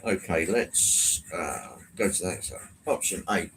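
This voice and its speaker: A man's voice: fairly low pitch, lively intonation, a little slow, a bit bright, slight background noise, poor audio. A man hosting a casual live stream, chatting, greeting viewers by name and poking fun at himself. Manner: chatty, reads out viewer comments and greets them by name, self-mocking. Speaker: livestream host.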